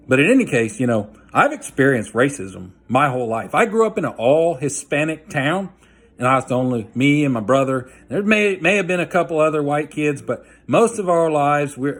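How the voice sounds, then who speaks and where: A man telling a personal story in a blunt, folksy way, using slang and frequent "you know" asides. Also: medium pitch. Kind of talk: casual storytelling monologue.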